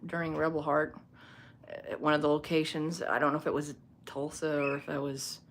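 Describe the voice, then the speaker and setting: Woman, low voice, casual rambling livestream host on her phone, laughs easily. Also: level tone, brisk, slight background noise. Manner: rambling, chatty, laughs often. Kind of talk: casual livestream chat with viewers. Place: home room lit by a small ring light.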